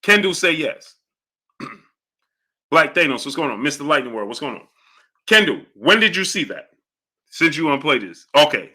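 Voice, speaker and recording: A man's voice: on the high side, sing-song, moderate pace, pauses often, bright, forceful tone. A man hosting a boxing live stream, greeting viewers by name and laughing hard as he reads their comments. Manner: laughs hard between phrases. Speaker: boxing channel host.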